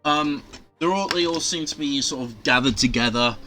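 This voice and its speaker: A man's voice: mid-range voice, normal speed, bright, forceful tone, faint music behind. A man narrating a tabletop game as game master in loose, rambling speech.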